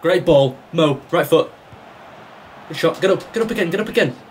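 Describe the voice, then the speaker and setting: A man's voice: a little high, moderate pace, darkish tone. A man giving live commentary over his own football video game match, reacting and complaining as he plays. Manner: reactive, exasperated, talks to the game. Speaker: gaming YouTuber.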